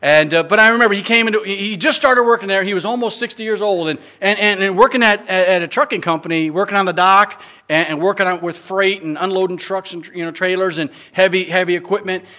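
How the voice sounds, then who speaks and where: A man's voice: sits high, quick pace, few pauses, bright, forceful tone. A middle-aged man preaching an earnest sermon as pastor, with frequent stammering restarts and emphatic rises.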